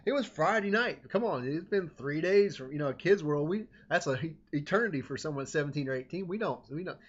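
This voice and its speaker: A man telling a casual personal anecdote in a rambling, animated way, often cutting himself off mid-sentence. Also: high-pitched, fairly quick, few pauses. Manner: rambling, self-interrupting, animated. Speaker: storyteller. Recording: dull lo-fi recording.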